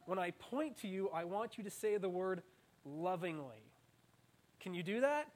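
Young male preacher, high-pitched, animated and playful, leading the crowd in call-and-response. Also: normal speed. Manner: animated, playful, self-mocking asides. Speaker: student preacher. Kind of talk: interactive sermon.

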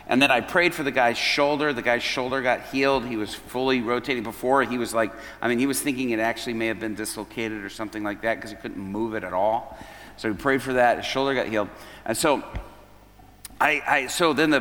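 A man's voice: mid-range voice, bright, forceful tone. A man preaching at an evening service, telling a story and acting out the dialogue line by line. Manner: retells events as dialogue, quoting each person. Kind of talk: storytelling sermon. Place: church hall at an evening service. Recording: long reverb of a large hall.

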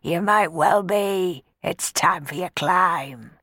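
Woman playing a cruel storybook sweep master, slow, loud and mocking. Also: on the low side, no room sound, clean studio sound, heavily acted. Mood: menacing. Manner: menacing, mocking. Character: snarling brutish master chimney sweep man.

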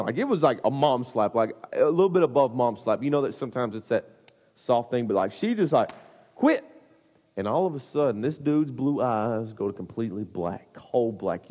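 A man preaching to youth, telling a comic story with lots of fillers in an animated way. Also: medium pitch. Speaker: youth pastor. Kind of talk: storytelling sermon. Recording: long hall reverb.

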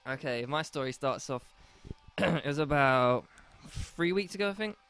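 A man's voice: on the high side, expressive, a little slow, a bit bright, smooth, soft background music. A young man co-hosting a casual podcast, bantering crudely and laughing often as he rambles through a story. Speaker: podcast co-host.

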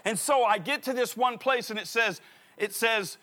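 A man preaching a sermon through an animated, comic personal story. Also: very high voice, moderate pace.

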